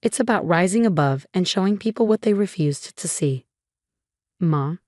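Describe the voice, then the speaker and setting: A woman reading a scripted first-person story in a calm, steady way. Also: mid-range voice, brisk, no echo, studio quality. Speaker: narrator.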